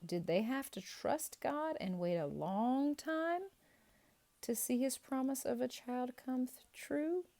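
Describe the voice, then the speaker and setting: Woman kids' teacher, lively playful quiz delivery, mellow low voice, slow and encouraging. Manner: playful, animated and encouraging, drawn-out answer reveals. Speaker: children's ministry teacher. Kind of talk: quiz review for kids.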